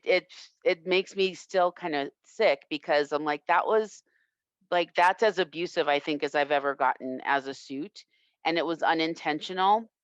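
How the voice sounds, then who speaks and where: A woman self-defense instructor telling a personal story in an interview, reflective and earnest with halting restarts. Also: deep voice, fairly bright tone, clean tone, dry recording. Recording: dull lo-fi, dry sound.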